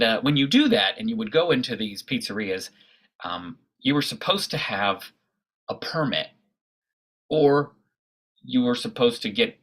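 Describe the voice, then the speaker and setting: A man telling a personal story in a live performance on a video call, halting and full of fillers. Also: lowish voice, sharp tone, slightly rough. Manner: halting, with many fillers and restarts. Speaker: storyteller, pizza blogger.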